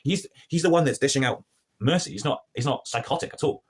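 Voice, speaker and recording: Male reviewer, sarcastic and animated, quick husky delivery. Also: medium pitch. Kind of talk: casual review rant.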